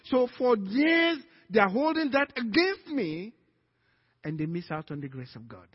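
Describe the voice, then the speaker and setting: Husky high-voiced preacher with Nigerian accent. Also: male voice, long reverb tail. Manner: animated preaching, acting out quoted dialogue. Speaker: pastor. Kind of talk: sermon. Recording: dull lo-fi sermon recording.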